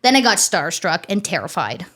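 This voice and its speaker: A woman in her thirties, a farmer talking as an interview guest in an animated, chatty way, swearing casually and acting out bits of dialogue. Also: on the low side, normal speed. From Ontario, Canada.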